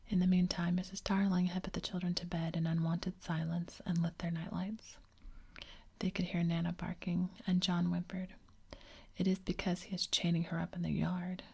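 Whispering woman reading a story, gravelly. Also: lowish voice, dark tone. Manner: whispered throughout.

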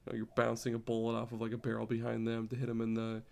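A man's voice: mid-range voice, completely flat delivery, racing, vocal fry, darkish tone, a little hiss or hum. A man chatting casually on a podcast, rambling and repeating words as he explains. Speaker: podcast co-host.

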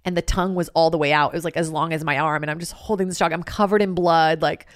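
A woman in her thirties hosts a podcast and tells a wild story in loose, profane chat, with "like" in almost every sentence. Her voice sits on the low side for a woman. The sound is close and dry. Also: fast talker, no echo. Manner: animated, profane, filler-heavy with lots of "like". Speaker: podcast host. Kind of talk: casual comedic storytelling.

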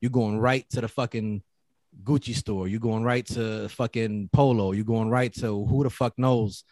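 A man in his thirties talking bluntly and profanely in casual chat, telling animated stories. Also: lowish voice, moderate pace, no room sound. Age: 30s.

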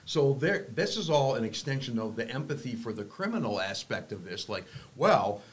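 Man with a lively, varied voice. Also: medium pitch, brisk. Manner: agreeable, analytical, laughs along. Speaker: podcast co-host. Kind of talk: casual chat.

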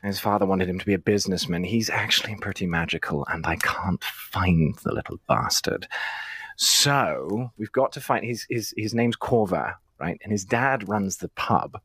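A man's voice: deep voice, moderate pace, fairly bright tone, breathy edge, no echo. A man playing a genteel, scheming dragonborn sorcerer. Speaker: player voicing a dragonborn sorcerer. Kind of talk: tabletop role-play in character.

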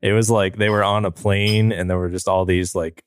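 A man hosting a casual podcast, talking in a relaxed, rambling way and laughing often. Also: deep voice, moderate pace, clean tone, no echo, clean studio sound. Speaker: podcast host. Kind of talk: casual chat.

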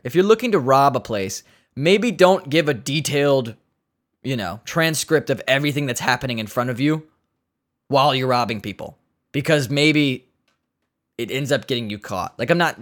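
A man hosts a casual solo podcast, rambling through stories with jokes and the odd curse word. He laughs at his own asides. His voice sits at an ordinary middle pitch. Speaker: podcast host.

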